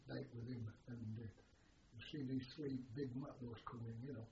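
A man's voice: medium pitch, fairly even intonation, moderate pace, background noise. Older man rambling through old army stories. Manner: rambling, hesitant with many uhs, chuckles while telling anecdotes. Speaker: interviewee, army veteran. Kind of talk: oral history storytelling. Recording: roomy, distant, dull lo-fi tape.

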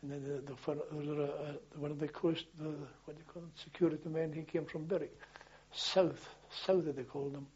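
An older man telling wartime memories as a former policeman, in a halting, rambling way full of restarts and chuckles. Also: fairly high pitch, little pitch movement, a little mellow, husky, highs cut off. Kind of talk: oral history storytelling.

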